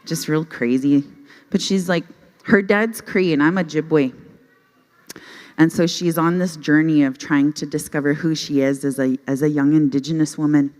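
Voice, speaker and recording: A middle-aged Canadian woman does stand-up on a youth conference stage, telling self-deprecating stories into a handheld mic before a live audience and often laughing at her own jokes. Her voice is deep and darkish, with fairly even intonation and a moderate pace.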